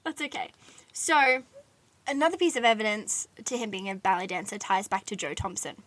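Bright-voiced woman telling a true-crime story. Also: medium pitch, expressive, fairly quick, no room sound. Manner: chatty storyteller, many "like"s, giggly asides. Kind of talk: casual chat.

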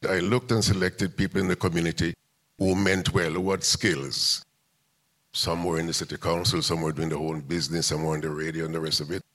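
Deep-voiced older man telling stories. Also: fairly even intonation, brisk, a bit bright. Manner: recounts events step by step, acting out quoted dialogue. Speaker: music promoter and interview guest. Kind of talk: long anecdotal storytelling.

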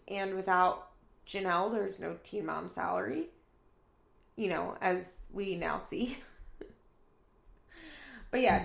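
A woman's voice: medium pitch, creaky, a bit bright, echoey room. A woman recapping a reality TV episode in casual chat, laughing often and acting out what people said. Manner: chatty, laughing, acts out quotes. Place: apartment room.

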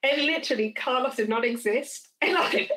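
A woman's voice: high voice, moderate pace, rough recording. A woman hosting a podcast, telling personal stories in casual chat with frequent laughs. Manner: animated storyteller, laughs often. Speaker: podcast host.

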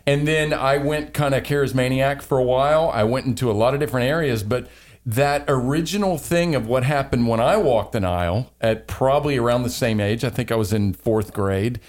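A man's voice: medium pitch, fairly quick. A man co-hosting a casual conversation, earnest and playful with mock quotes.

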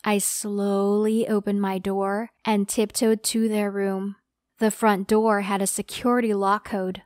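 A woman's voice: mid-range voice, flat delivery, a little slow, a little mellow, dry recording, studio quality. A woman narrating a dramatic first-person story in an earnest, dramatic telling.

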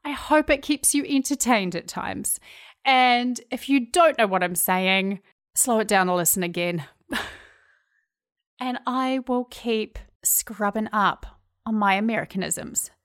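A woman's voice: a little high, measured pace. Chatty New Zealand woman podcaster. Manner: chatty, self-deprecating, laughs at herself. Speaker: podcast host. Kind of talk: casual solo podcast monologue.

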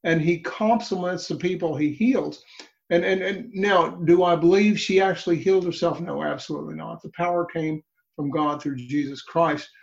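A man's voice: fairly high pitch, steady tone, vocal fry. Earnest man explaining scripture, muffled. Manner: earnest, halting with restarts. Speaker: Bible study participant. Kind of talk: Bible study discussion.

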